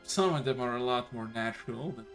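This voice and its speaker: A man's voice: medium pitch, a little fast, soft background music, close to an everyday voice. A man playing a brusque, sardonic female magic teacher in a tabletop game. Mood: dry. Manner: curt, sardonic, rough-tongued. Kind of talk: tabletop role-play.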